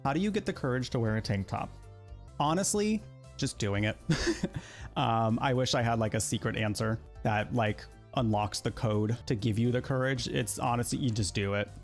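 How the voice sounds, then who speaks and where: A man's voice: mid-range voice, normal speed, soft background music. A young man livestreaming a game, chatting and joking with his chat in a casual, filler-heavy way.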